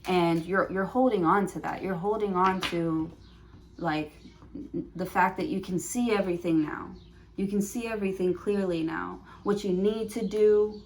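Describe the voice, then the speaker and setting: A woman's voice: medium pitch, steady tone, normal speed, slight background noise. A woman giving a prerecorded tarot reading, thinking aloud with many fillers and restarts. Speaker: tarot reader.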